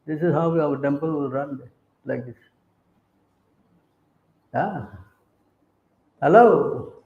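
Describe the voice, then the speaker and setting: Emphatic preacher, quizzing the crowd. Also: male voice, on the high side, slow pace, a little mellow, reverberant, muffled recording. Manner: questions the audience again and again. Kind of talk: sermon.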